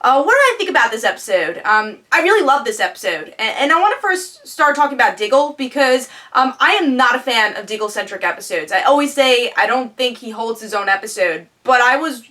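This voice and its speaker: A woman's voice: on the high side, lively intonation, fairly quick, few pauses, bright, forceful tone. A woman giving a casual spoken review of a TV episode, chatty, with lots of fillers and restarts.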